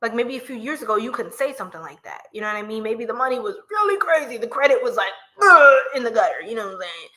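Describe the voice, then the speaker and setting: A woman's voice: fairly high pitch, big pitch swings, very fast, few pauses, a bit bright. A woman hosting a casual livestream tarot reading, playful and chatty, laughing often and talking to her chat in slang. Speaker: tarot reader and livestream host.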